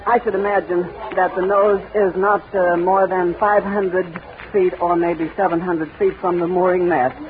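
A high-voiced man reports live from an outdoor airfield, describing the scene in a running flow with restarts and fillers. It sounds like a 1930s radio broadcast, thin and phone-like, with heavy hiss and crackle throughout. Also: level tone, moderate pace, hardly any pauses. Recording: tinny, noisy 1930s radio recording.

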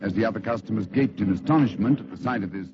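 A man's voice: fairly low pitch, fast, noisy background. A man telling a story in scripted radio narration, dramatic and theatrical, on a lo-fi old radio recording.

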